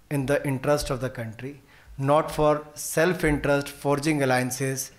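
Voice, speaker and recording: A man with an Indian English accent states his party's case on a TV panel in a confident, speech-like way. His voice sits at a middle pitch. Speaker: ruling party politician, panel guest. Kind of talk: panel debate.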